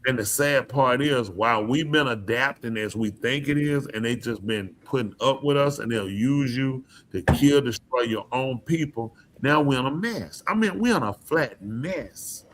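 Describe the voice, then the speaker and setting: Male podcast host, mid pitch, preachy casual talk, emphatic delivery. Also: normal speed, hardly any pauses, a bit bright. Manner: emphatic, preachy, asks the listener questions.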